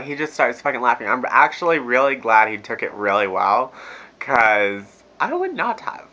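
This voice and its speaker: A man's voice: medium pitch, animated, moderate pace, sharp tone, dull audio. A young man telling a crude story to his viewers in a casual, profane, laughing rant. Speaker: vlogger. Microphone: phone camera.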